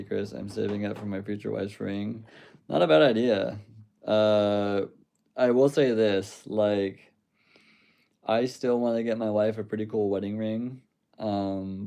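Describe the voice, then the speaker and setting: A man's voice: on the low side, gravelly, warm tone. A young adult man hosting a casual livestream, reading chat aloud and rambling with loose swearing and laughs.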